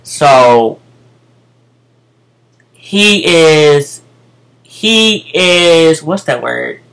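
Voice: mid-range voice, expressive, very slow, creaky, a bit bright, poor audio. An American speaker telling a casual storytime rant to viewers, profane and emphatic, often repeating phrases. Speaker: vlogger.

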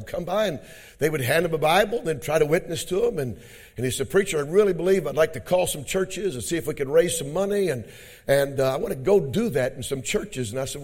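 Man, pastor preaching, slightly high voice, quiet storytelling that builds to shouts. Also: lively intonation, fairly quick. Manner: storytelling, swings from low and quiet to loud shouted exhortation. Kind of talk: sermon. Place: church conference hall.

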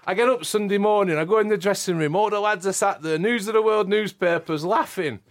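High-voiced man laughing through anecdotes. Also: a little fast. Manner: laughs often while telling stories. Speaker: podcast co-host. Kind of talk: casual chat, anecdotes.

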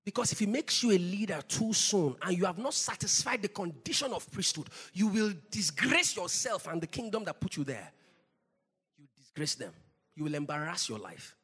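A pastor preaching an impassioned sermon, dropping low and then shouting out his points, with bursts of praying in tongues. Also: big pitch swings, moderate pace, slightly rough. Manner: impassioned preaching, swinging between low intensity and loud shouting; speaks in tongues between points.

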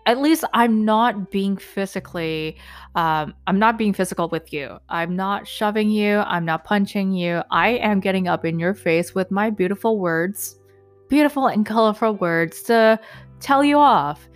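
A woman's voice: medium pitch, a little slow, soft background music. A young woman telling an angry story about an incident, casual and profane, with many fillers. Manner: indignant, profane, lots of fillers. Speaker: vlogger recounting an incident.

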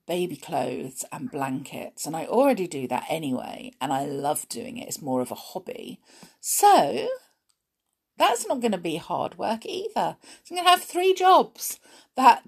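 A middle-aged woman reading a storybook chapter aloud to children, with giggly, chatty asides between expressive narration. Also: on the low side, husky.

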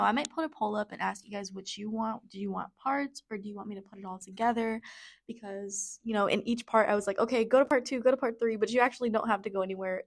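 A young woman hosting her own podcast, telling a personal story in a candid, rambling way, full of "like" and restarts, and blunt with swearing. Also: medium pitch. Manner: rambling, heavy use of "like" and restarts. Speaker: podcast host. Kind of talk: casual personal storytelling monologue.

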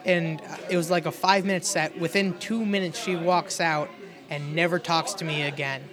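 A man's voice: on the high side, steady tone, normal speed, crowd noise. A man, a stand-up comedian, telling stories in a rambling, self-deprecating way during a casual chat.

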